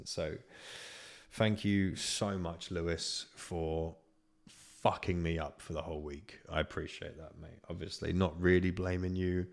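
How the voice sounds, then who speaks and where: A young man hosting a solo podcast, telling crude anecdotes with lots of swearing and laughter. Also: low-pitched. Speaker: podcast host. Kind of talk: casual solo podcast chat.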